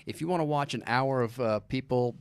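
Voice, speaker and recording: A man who is a stand-up comedian, chatting as a guest on a podcast in a halting, self-deprecating, deadpan way, often restarting his sentences. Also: medium pitch, smooth, no echo. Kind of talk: casual podcast chat.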